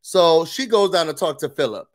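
A man's voice: on the high side, expressive, moderate pace. Opinionated man recapping reality TV. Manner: emphatic and opinionated, blunt asides. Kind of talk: casual recap commentary.

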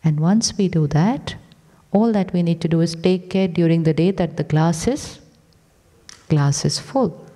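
A woman's voice: fairly low pitch, unhurried, mellow. A woman spiritual teacher giving an inspirational talk on stage, using short repeated commands and rhetorical questions. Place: large theatre. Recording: long theatre reverb.

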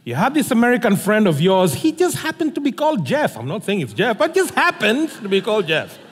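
A male pastor preaches with a high, lively voice that swings all over as he tells a story and plays both sides of a conversation. The sound carries a long reverb from a church sanctuary. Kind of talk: sermon.

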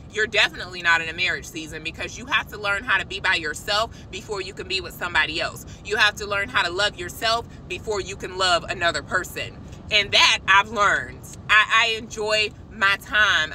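Woman preaching to her followers from the car, super bright voice, faint traffic outside. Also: mid-range voice, rough recording. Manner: excited, preachy, addresses viewers as y'all. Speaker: christian vlogger. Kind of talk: casual spiritual vlog. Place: parked car outside a shop.

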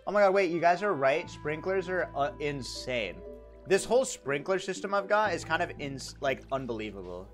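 A man's voice: on the high side, sing-song, moderate pace, faint music behind. A young man livestreaming a farming game, chatting casually and jokingly with his chat, rambling and reacting to messages.

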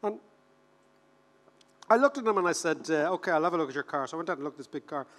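Animated Irish man giving a keynote. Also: a little high, fast. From Ireland. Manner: animated, joking storyteller who repeats words for effect. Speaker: keynote speaker. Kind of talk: conference keynote speech. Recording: reverberant hall.

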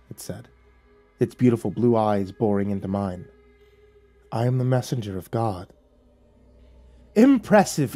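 A man narrates a first-person horror story in a measured, grave manner. His voice is dark and mellow, with a husky grain. He keeps the storytelling steady and deliberate. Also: medium pitch.

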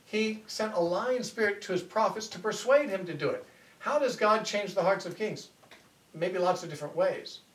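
A man's voice: sits high, normal speed, fairly bright tone. A man teaching a Bible lecture, retelling a scripture story in a conversational way and correcting himself as he goes. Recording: echoey room, voice from far off, faint noise.

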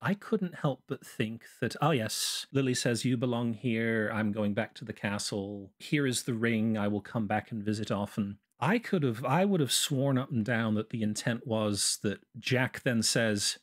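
A man's voice: medium pitch, normal speed, few pauses. A man co-hosting a podcast, recounting film scenes in careful, methodical detail in casual review chat. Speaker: podcast co-host.

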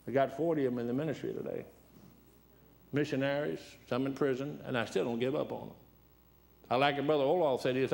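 A man's voice: mid-range voice, a little mellow. A man in his seventies, a guest preacher, telling rambling, humorous personal stories during a sermon. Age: 70s. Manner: folksy, rambling, humorous storyteller. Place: church sanctuary. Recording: reverberant church hall.

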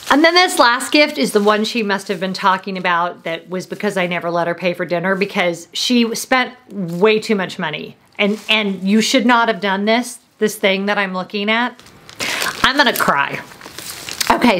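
A woman's voice: medium pitch, expressive, moderate pace, a bit bright. A middle-aged woman, gushing and emotional as she unboxes gifts and talks to her viewers. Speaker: vlogger. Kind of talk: gift unboxing vlog.

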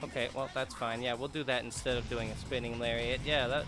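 A man commentating a video game as he plays, excitable, laughing and swearing, talking back to the characters on screen. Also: mid-range voice, brisk, music in the background. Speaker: gaming YouTuber. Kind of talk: let's play commentary.

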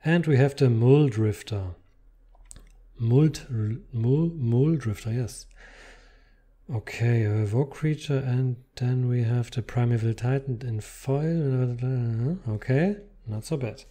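A man's voice: mid-range voice, slow pace, dark tone. A man casually commenting while unboxing trading cards, reading card text aloud between muttered asides.

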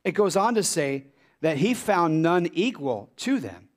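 A male pastor preaching a sermon in a church, animated and full of rhetorical questions to the congregation. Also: on the high side, a little slow. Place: church sanctuary.

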